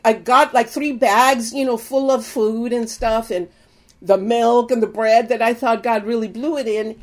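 An older woman preaching, telling an earnest personal testimony and exhorting her listeners. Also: on the high side.

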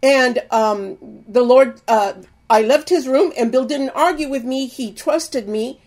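High-voiced older woman preaching testimony. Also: unhurried, darkish tone. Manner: earnest storytelling, exhorting listeners.

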